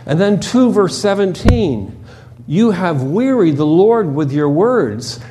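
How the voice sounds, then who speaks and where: A man preaching an expository sermon, slow and emphatic, often repeating words and restarting phrases. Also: sits high, big pitch swings, noisy background. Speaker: pastor.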